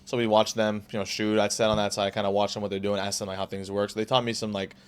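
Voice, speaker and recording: Brief: young man in his 20s, fast-talking podcast guest, rambling and restarting, plain casual delivery. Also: on the low side, flat delivery, smooth. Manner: rapid, rambling, full of "like" and restarts. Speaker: podcast guest, car salesman. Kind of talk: casual storytelling.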